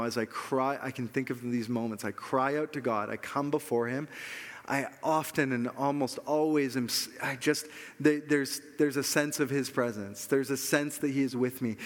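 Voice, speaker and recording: A man's voice: medium pitch, a bit bright, big-room sound. A man preaching a sermon as pastor, earnest and emphatic, repeating key phrases for weight.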